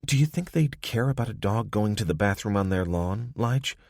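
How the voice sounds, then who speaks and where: A man's voice: lowish voice, lively intonation, moderate pace, creaky, darkish tone, no room sound, clean studio sound, voice pushed up. A man voicing an earnest, questioning young woman who worries for her companion.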